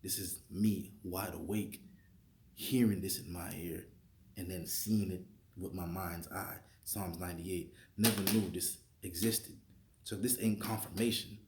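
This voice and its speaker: Deep-voiced man telling a dream story. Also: unhurried. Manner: animated, acts out his own lines, drops to whispers. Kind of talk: casual storytelling. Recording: echoey room with faint noise.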